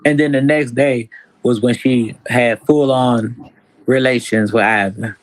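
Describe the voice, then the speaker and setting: A man hosts a casual livestream chat. He tells the story with animated energy and keeps slipping into other people's words. His voice is mid-pitched, close and dry, with no room sound. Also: a little slow, dry recording, poor audio. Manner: animated storytelling, acts out quotes. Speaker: stream host.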